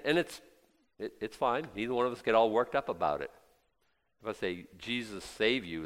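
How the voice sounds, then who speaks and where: A middle-aged male pastor preaching a sermon in a chatty way, dropping to quiet asides and rising to loud emphatic bursts. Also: mid-range voice. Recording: long hall reverb.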